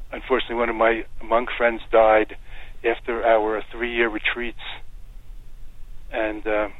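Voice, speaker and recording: American buddhist teacher guy, calm and rambly, thin phone-line sound, dry. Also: mid-range voice, dry recording. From United States. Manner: calm, unhurried, meandering with soft fillers. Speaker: Buddhist teacher, interview guest. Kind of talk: interview answers and guided meditation.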